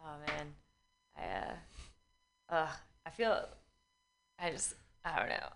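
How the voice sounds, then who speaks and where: Young woman guest, bright low-ish voice, laid-back slangy chat with frequent laughs. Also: slow. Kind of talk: casual radio chat.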